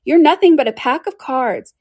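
A woman's voice: high-pitched, expressive, normal speed, darkish tone, pitched above the performer's own voice. Woman doing Alice, a defiant young girl. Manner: indignant, outspoken.

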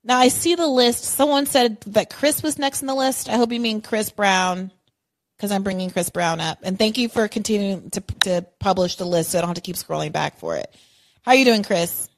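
A woman's voice: medium pitch, moderate pace, dry recording. A woman hosting a live call-in podcast, ranting with passion. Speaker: podcast host.

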